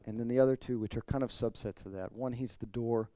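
A man's voice: medium pitch, steady tone, fast, dark tone, no echo. A man pastor preaching an expository sermon, earnest, building to emphatic points. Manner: earnest preaching, rising emphasis, occasional throat clearing.

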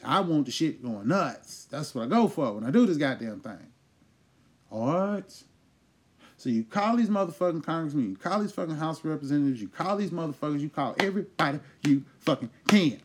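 A man hosting a comedy podcast, ranting loudly and profanely in a casual, riled-up way. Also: fairly high pitch. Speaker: host.

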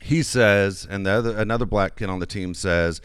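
A man's voice: on the low side, normal speed, clear, resonant tone, no echo, clean studio sound. Middle-aged man telling a long story. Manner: rambling anecdotes with frequent restarts. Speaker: youth baseball coach. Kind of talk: casual storytelling chat.

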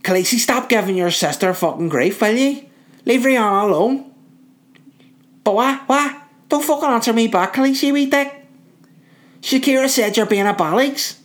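A man putting on a coarse Belfast parent with a Belfast accent, yelling and swearing at a child. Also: extremely high pitch, normal speed, long pauses, pitched above the performer's own voice. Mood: furious. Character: rough shouty Belfast parent scolding a child.

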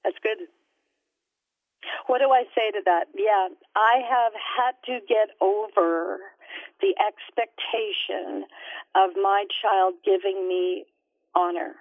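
A woman's voice: mid-range voice, fairly even intonation, takes it slowly, dry recording, phone-quality sound. Woman talking faith in an interview, earnest, lots of uhs, thin phone-ish sound, dry. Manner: earnest and reflective, with many fillers. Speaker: guest, author and minister. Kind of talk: faith-based interview talk.

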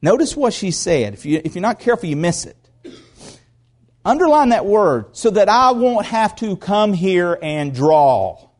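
A man's voice: sits high, sing-song, unhurried. A man preaching a sermon to his church, talking in a conversational way and repeating phrases for emphasis. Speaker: pastor. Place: church service.

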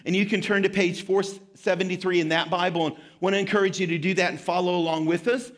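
A man in his thirties preaching a sermon as pastor, telling a story with animated, self-deprecating humor. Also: high-pitched, fast talker.

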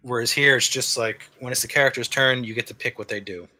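A man chatting casually on a podcast, explaining a game in a rambling way with frequent restarts. His voice is bright and clear, at an ordinary middle pitch. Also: steady tone, fast talker. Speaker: podcast co-host reviewing a game. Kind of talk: casual chat.

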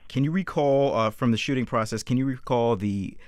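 A man interviewing an actress, friendly and quick to laugh, stumbling a little into his questions. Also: mid-range voice, a little mellow, no echo.

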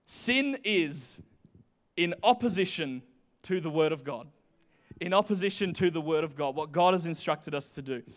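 A man in his twenties preaching a sermon, animated, swinging between quiet stretches and loud emphasis. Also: high-pitched. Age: 20s.

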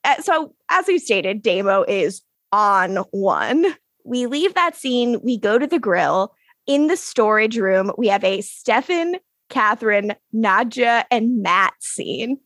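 A woman with a slightly high voice chats casually as a podcast co-host. She laughs often, swears freely and acts out lines as she recaps. The sound is dry and close. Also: animated, slow pace, a bit bright, no echo.

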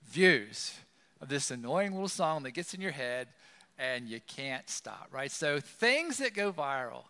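A man's voice: mid-range voice, big pitch swings, a little slow, pushed and bright, long reverb tail. A man preaching a sermon in a conversational style, with many fillers, in a church. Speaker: pastor. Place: church sanctuary.

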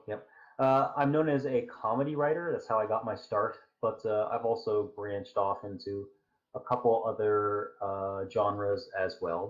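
Guest, male, low voice, pauses and fillers, dull remote-call sound. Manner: halting, thoughtful, frequent fillers. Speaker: podcast guest, fan fiction writer. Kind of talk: casual podcast interview.

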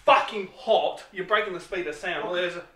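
A man's voice: sits high, brisk, very noisy. A man with a New Zealand accent co-hosting a podcast, telling crude, profane stories in a rowdy way. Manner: profane, rowdy, loud acted-out exclamations. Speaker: podcast co-host. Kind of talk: crude casual storytelling. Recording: echoey room, mic at a distance.

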